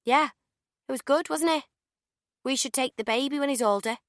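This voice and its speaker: A woman's voice: high-pitched, normal speed, dry recording, clean studio sound, voice pushed up. Woman reading as a distraught young woman. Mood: chirpy. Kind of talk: audiobook character voice.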